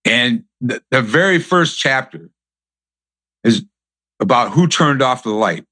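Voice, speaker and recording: Man, interview host, earnest, reflective, medium pitch, dry close sound. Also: lively intonation, slow pace, bright, forceful tone, no room sound.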